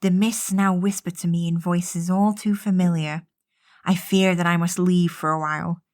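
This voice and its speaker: A woman voicing an aging male monster hunter, reading his farewell slowly and gravely. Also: lowish voice, little pitch movement, darkish tone, lightly acted. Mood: solemn.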